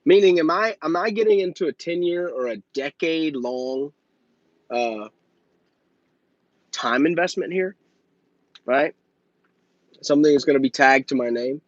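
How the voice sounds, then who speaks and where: A man who hosts a channel about his softwash business, giving casual business advice bluntly and with some swearing. He keeps checking in with "okay?" and "right?", and he acts out conversations in quick voices. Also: on the high side, dry recording, lo-fi sound.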